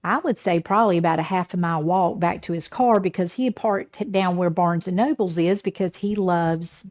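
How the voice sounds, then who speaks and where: A woman's voice: fairly low pitch, moderate pace, a little mellow, highs cut off. A woman co-hosting a casual chat show, telling a long story, laughing often and repeating words as she goes. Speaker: podcast co-host.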